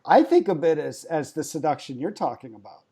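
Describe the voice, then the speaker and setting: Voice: mid-range voice, expressive, fairly quick, mellow, husky. A podcast host asking long, searching questions, with lots of "I guess" and "you know" fillers. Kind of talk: podcast interview.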